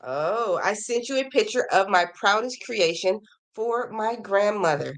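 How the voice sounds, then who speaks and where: Hosting a crochet podcast, this woman reads out emails from viewers and raves about what they've made, chatty and upbeat. Her mid-range voice has lively intonation and an unhurried pace. It sounds slightly hoarse, like she's starting to lose it.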